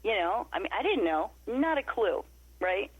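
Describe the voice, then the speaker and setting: A woman's voice: mid-range voice, normal speed, slightly rough, dry recording. A middle-aged woman from Nevada, a podcast interview guest telling a story and acting out the quoted dialogue. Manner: animated, acts out quoted dialogue. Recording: muffled lo-fi remote audio.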